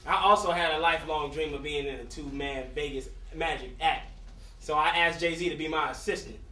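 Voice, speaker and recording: A man's voice: fairly high pitch, steady tone, fairly quick, sharp tone. A man playing a grumpy, self-absorbed rap star who talks crude and petulant, recorded on an echoey stage from a distance.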